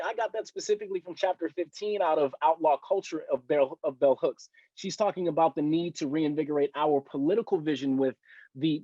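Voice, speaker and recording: A man in casual conversation, excitable and quick, sometimes apologizing as he talks. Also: on the high side, no room sound, lo-fi sound. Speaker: educator.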